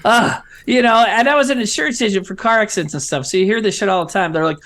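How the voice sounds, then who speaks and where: A man with a high-sitting voice and quick pace co-hosts a live-streamed comedy show. In casual chat, he tells stories in an animated way, swearing a lot.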